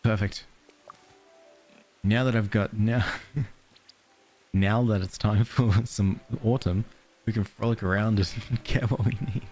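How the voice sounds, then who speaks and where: A man's voice: on the low side, fairly even intonation, slow, pauses often, a little mellow, faint music behind. A man streaming a cozy game, chatting casually and giggling while reading game letters aloud. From Australia. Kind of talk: casual let's-play chat.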